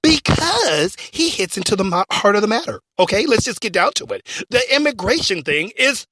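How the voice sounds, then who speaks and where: A man's voice: high-pitched, big pitch swings, normal speed, sharp tone, heavily acted. A man playing a stammering, ranting radio host. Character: blustering loudmouth male radio host. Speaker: radio talk show host. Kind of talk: comedy skit parodying talk radio.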